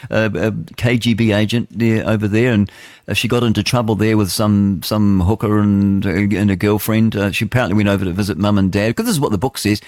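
A man's voice: fairly low pitch, steady tone, fairly quick, darkish tone, no room sound, studio quality. A middle-aged man with a New Zealand accent, hosting an opinionated talk radio show in a rambling, conversational way full of asides. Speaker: radio host.

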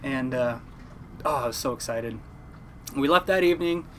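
A man's voice: medium pitch, moderate pace, a little hiss or hum. A young man, a commercial fisherman from the Oregon coast, telling a story in a casual interview and acting out the other people's voices as he goes. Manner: animated storyteller, acts out quoted voices.

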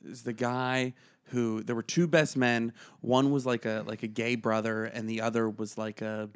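A man's voice: medium pitch, level tone, normal speed, smooth. A man with a mid-range voice co-hosting a casual podcast. He tells stories in a loose, rambling way, packs his talk with filler words, and slips into voices for the people he quotes. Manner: rambling, full of "like", mimics people in quoted bits. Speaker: podcast co-host. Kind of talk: casual chat, storytelling.

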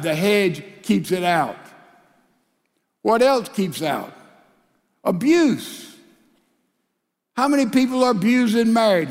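An older man preaching a sermon as pastor, emphatic, acting out couples' quarrels in little spoken scenes. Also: sits high. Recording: long hall reverb.

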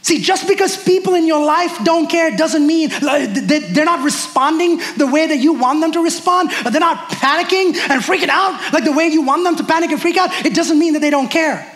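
A man preaching a sermon as a pastor, in an animated, conversational way, with lots of "like". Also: extremely high pitch, fairly quick, few pauses. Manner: animated and conversational, heavy use of "like".

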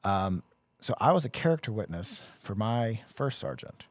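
A man's voice: on the low side, sing-song, normal speed, no echo. A man co-hosting a podcast, casually recalling his army days in a rambling way. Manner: rambling, self-correcting recollection. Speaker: podcast co-host, veteran. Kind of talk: casual chat.

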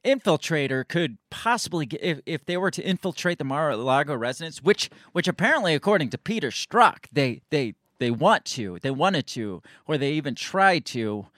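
A man with a slightly high voice talks through the news in a sarcastic, rambling way, often stopping and restarting his sentences. He reads news excerpts aloud between his own remarks. The sound is dry and close, with no room echo. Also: sing-song, moderate pace, hardly any pauses, a bit bright. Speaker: political commentary host. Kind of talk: casual political commentary.

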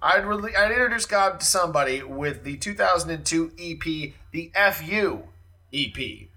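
A man co-hosting a casual music podcast, retelling comedy bits with animated impressions. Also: fairly high pitch, normal speed. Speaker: podcast co-host. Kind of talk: casual chat.

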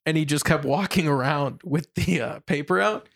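Young Midwestern guy, co-host, higher-pitched, animated storyteller who does voices. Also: normal speed, vocal fry. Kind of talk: casual chat.

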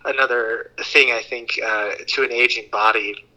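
A man in his thirties, a podcast guest, telling a long story in a casual, animated way and acting out the voices he quotes. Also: medium pitch, normal speed, poor audio. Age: 30s.

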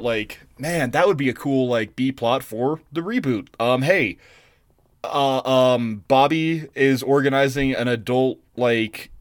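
A man co-hosting a podcast, chatting casually and telling stories in an animated, swearing way. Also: mid-range voice, no echo, clean studio sound. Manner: animated, profane storytelling with restarts. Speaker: podcast co-host. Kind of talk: casual chat.

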